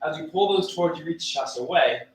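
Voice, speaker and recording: A man teaching a livestreamed yoga class, cueing poses and breaths in a relaxed, casual way with fillers and small jokes. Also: a little high, brisk. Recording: echoey room with faint ambient noise.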